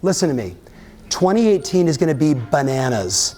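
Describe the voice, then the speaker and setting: A man giving an energetic motivational keynote to a live audience, often firing questions at the crowd. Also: a little high, normal speed. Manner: energetic, keeps quizzing the audience. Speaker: real estate coach and keynote speaker. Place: live event in front of an audience.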